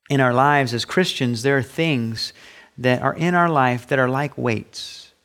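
A middle-aged man preaching a sermon as pastor, emphatic, rising high when he acts out voices. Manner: emphatic preaching, pitch rising sharply on quoted asides.

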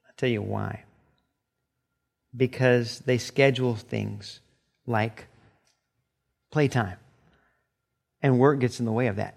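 A middle-aged man preaching a sermon as pastor, animated, sometimes acting out short quoted exchanges. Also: mid-range voice, takes it slowly, vocal fry, pauses often.

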